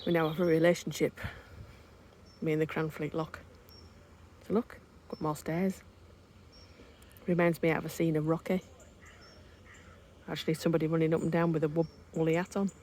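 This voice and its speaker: A woman's voice: deep voice, flat delivery, normal speed, pauses often, warm tone, a little hiss or hum. A woman chatting casually to camera as a vlogger on a canal boat, teasing and laughing often. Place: on and beside a canal narrowboat, outdoors. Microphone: phone camera.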